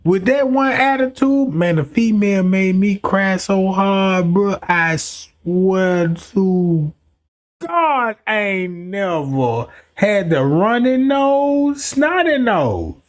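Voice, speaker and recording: A man livestreaming, telling a profane, rambling story to his chat, dropping to low mutters and then shouting. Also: lively intonation, takes it slowly. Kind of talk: casual storytelling to a live chat.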